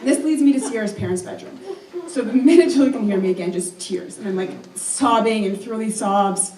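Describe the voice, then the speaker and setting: A woman's voice: medium pitch, fairly quick, a little mellow, far from the mic, a little hiss or hum. A young woman telling a personal story live on stage, chatty and self-mocking, with lots of "um" and "like". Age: young adult. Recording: roomy live hall, voice from afar.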